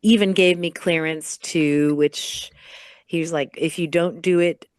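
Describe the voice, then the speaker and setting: A woman chatting on a podcast, giggling and sharing her news in a relaxed way. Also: low-pitched, unhurried, no echo, clean studio sound. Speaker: podcast guest. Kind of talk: casual chat.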